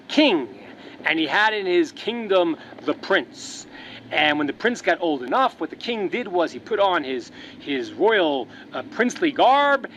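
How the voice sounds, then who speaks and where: A rabbi teaching a religious lesson, telling a parable as an animated storyteller who repeats words as he restarts. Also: high-pitched, slight background noise.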